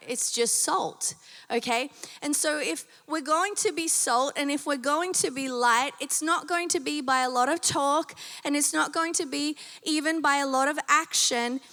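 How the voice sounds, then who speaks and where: A woman's voice: high-pitched, sharp tone, long reverb tail. A woman pastor preaching a sermon in a conversational way, with many fillers and questions to the congregation, her voice a little strained. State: slightly strained voice. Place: church auditorium.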